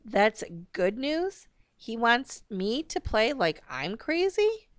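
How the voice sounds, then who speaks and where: An indignant father who protests and pleads dryly, as a woman reads him. The voice is smooth and resonant, pushed up in pitch and volume. Dry, close recording. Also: sing-song, slow pace, no room sound. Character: exasperated father, defiant and self-righteous man.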